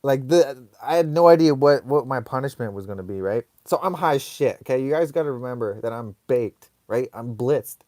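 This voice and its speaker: A man hosting a live online show, telling a comic story casually in a rambling, animated way full of fillers. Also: medium pitch, fairly quick, hardly any pauses, no room sound, clean studio sound.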